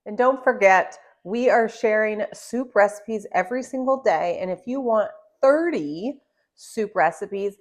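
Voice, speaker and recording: A woman's voice: medium pitch, a little slow. A young adult woman hosting a casual cooking demonstration in a home kitchen, chatty and upbeat with joking asides. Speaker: cooking show host.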